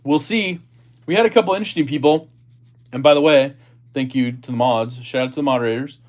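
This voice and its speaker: A man's voice: medium pitch, fairly quick. A man hosting a casual livestream, chatting about gear and reading viewer comments aloud. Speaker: livestream host.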